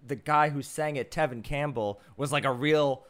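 A young man co-hosting a podcast, rambling excitedly through a casual movie chat. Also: medium pitch, normal speed. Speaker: podcast co-host.

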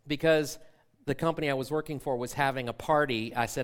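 A man's voice: medium pitch, steady tone, a little fast, a bit bright. A man in his forties, a pastor, preaching a sermon by telling a self-mocking personal story and acting out the dialogue.

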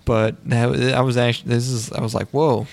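A man's voice: medium pitch, flat delivery, a little fast, gravelly. A man on a podcast chatting casually about anime, adding dry jokes and corrections. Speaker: podcast co-host.

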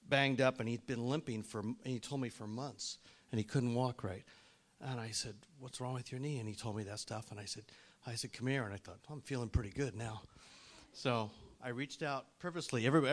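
A middle-aged man giving a sermon-style testimony as a lay speaker, telling his story in an animated way that swings from hushed asides to loud, fervent bursts. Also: mid-range voice.

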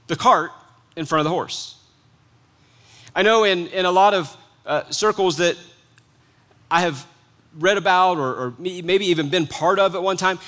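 A man preaching a sermon as pastor, earnest, dropping to soft hushed lines and rising to emphatic ones. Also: sits high.

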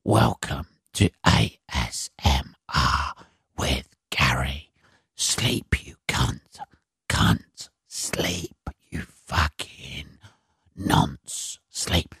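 A man voicing a crude male host of a sleep video in a whispered role-play, with a slow, hushed, abusive delivery. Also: a bass voice, animated, vocal fry, slightly rough, no echo, clean studio sound, pitched below the performer's own voice, exaggerated voice. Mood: menacing hush.

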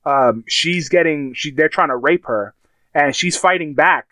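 A man chatting casually, retelling TV scenes with animated, crude language. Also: a little high, a little slow, no room sound. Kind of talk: casual chat.

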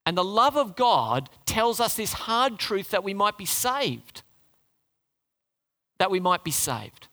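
A man's voice: high voice, sing-song, slow, bright, forceful tone, in a large hall. A man preaching a sermon as pastor, talking conversationally and putting questions to the congregation.

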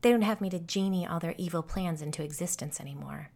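A woman's voice: fairly low pitch, quick pace, creaky, a little mellow. A woman voicing the eager, chattering ghost of a teenage girl who turns bitter toward her old friends in this storybook reading.

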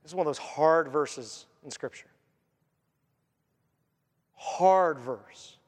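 A man's voice: on the high side, takes it slowly, in a large hall. A man preaching a sermon as a pastor, earnest, and voicing the people he quotes.

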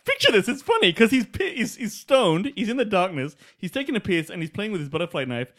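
Excitable, swearing high-voiced man. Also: fast talker. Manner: excitable, profane, talks over his co-host. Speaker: podcast co-host reviewing films. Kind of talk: casual chat, film review.

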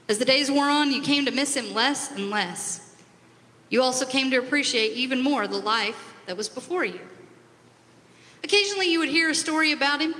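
A woman retelling a parable in the second person, with expressive, dramatic storytelling. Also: medium pitch. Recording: long hall reverb.

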